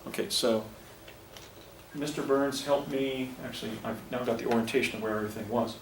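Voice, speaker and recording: A man's voice: medium pitch, steady tone, brisk, vocal fry. A man in his fifties giving a lecture presentation, rambling with frequent restarts and digressions. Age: 50s. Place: lecture hall. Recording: echoey room, distant mic, faint noise.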